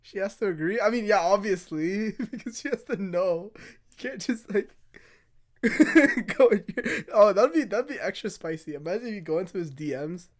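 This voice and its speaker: A young man streaming live, chatting casually and excitably while reacting to videos, laughing often and swearing freely. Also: sits high, normal speed.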